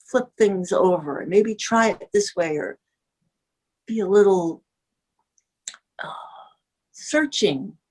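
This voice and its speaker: A woman's voice: medium pitch, animated, slow, pauses often, darkish tone. A woman in her seventies from the US Midwest, reminiscing in casual conversation as a guest and gushing, often breaking off mid-sentence. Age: 70s.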